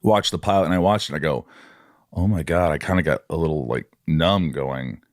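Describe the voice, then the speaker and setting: Deep-voiced man telling animated stories. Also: fairly quick, dry recording, clean studio sound. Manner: animated, acts out quoted dialogue. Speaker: podcast host. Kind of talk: casual interview storytelling.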